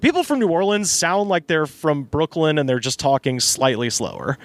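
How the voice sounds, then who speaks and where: A man's voice: a little high, expressive, moderate pace. A man hosting a comedy podcast, chatting casually with a guest, rambling through fillers and restarts and laughing often. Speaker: podcast host.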